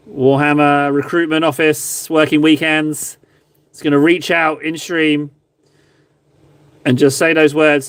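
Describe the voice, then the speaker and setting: A man's voice: on the high side, flat delivery, unhurried, pauses often, clear, resonant tone, dry recording. A man streaming live, chatting casually and joking with his viewers while painting miniatures. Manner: chatty, jokey, mock-grovelling. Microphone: phone camera.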